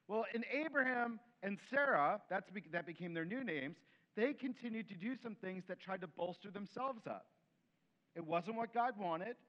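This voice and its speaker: Man preaching, voice sits high, lively storytelling, acts out the quotes, slightly muffled recording. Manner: animated, acts out quoted voices, drops to soft tones. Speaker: pastor. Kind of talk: sermon.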